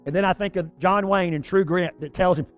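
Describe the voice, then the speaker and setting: A pastor preaching a sermon, telling a story with lively energy and stumbling over repeated words. His voice sits high for a man. Soft music plays faintly underneath. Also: brisk.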